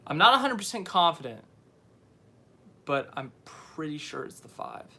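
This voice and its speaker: A man's voice: fairly high pitch, very animated, normal speed, pushed and bright. A young man hosting a casual live stream, rambling and often correcting himself as he answers viewers. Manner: rambling, unsure, self-correcting.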